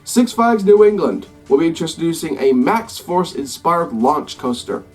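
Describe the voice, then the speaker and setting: Man doing a stately American ride-announcement voice, promotional, slightly raised pitch, faint background music. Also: expressive, unhurried, a little mellow. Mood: announcing. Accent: put-on American. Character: slow grand male theme-park announcer. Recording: slightly distant mic, faint music behind.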